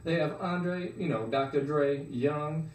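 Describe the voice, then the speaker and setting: A man's voice: a little high, slow pace, darkish tone. Cocky man doing crude sports analysis. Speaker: sports show co-host. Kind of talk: mock sports analysis comedy. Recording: roomy sound from a distance.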